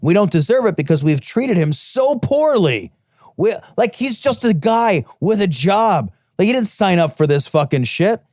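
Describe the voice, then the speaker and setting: Profane, animated male podcast host. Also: sits high, moderate pace, no room sound, clean studio sound. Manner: profane, emphatic, riffing. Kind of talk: casual podcast chat.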